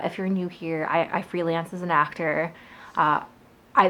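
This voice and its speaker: A woman's voice: on the low side, fairly bright tone. A woman book vlogger chatting casually about her reading and her goals, hedging and correcting herself as she goes. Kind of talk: casual chat. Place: Boston area.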